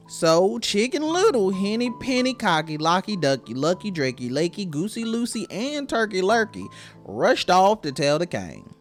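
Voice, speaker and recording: A woman's voice: on the low side, sing-song, unhurried, soft background music. A woman reading a children's storybook aloud with a sing-song delivery.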